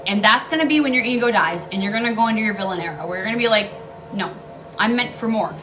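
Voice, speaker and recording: A woman's voice: medium pitch, very fast, background noise. Blunt, emphatic woman reading tarot. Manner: blunt and emphatic, swears freely; repeats key lines for emphasis. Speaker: tarot card reader. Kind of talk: casual spoken tarot reading.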